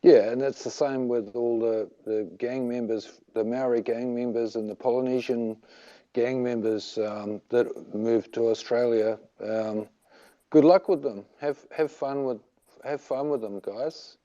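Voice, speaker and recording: Dark-voiced man, wry, lo-fi. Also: mid-range voice, fairly even intonation, unhurried. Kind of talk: casual podcast banter. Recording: dull lo-fi recording.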